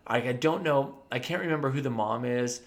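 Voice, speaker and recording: Man, dentist, casual storytelling, animated, laughs while talking, medium pitch. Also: fairly quick. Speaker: podcast co-host.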